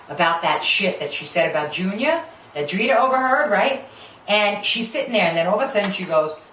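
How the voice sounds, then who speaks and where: A woman's voice: a little high, fairly bright tone, distant mic. A woman giving a brash, profane, sarcastic comedic rant reviewing a TV show. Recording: roomy, off-mic, faint background hum.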